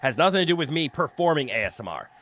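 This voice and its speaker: Lively, bright-voiced joking man streamer. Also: a little high, fast talker, slight background noise. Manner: jokey, laughs often, swears freely. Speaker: streamer playing a video game. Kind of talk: casual live-stream commentary. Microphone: desk mic with a noise canceller.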